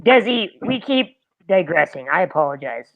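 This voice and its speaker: A man's voice: high voice, very animated, normal speed, creaky, narrow, tinny audio, a little hiss or hum. A man co-hosting a podcast, dropping wry, joking quips in casual chat. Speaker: podcast co-host.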